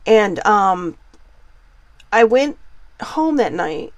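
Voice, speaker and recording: A woman's voice: medium pitch, big pitch swings, extremely slow, no room sound, muffled recording. A woman in her forties hosting a podcast, talking earnestly and rambling with many fillers and restarts. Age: 40s. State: getting emotional. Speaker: podcast host. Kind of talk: casual personal monologue.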